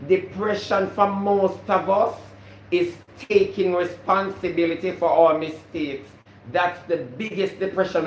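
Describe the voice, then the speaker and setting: A man's voice: sits high, reverberant, slight background noise. A Jamaican man hosting a casual live stream, preaching to viewers about responsibility and greeting them by name, repeating his points.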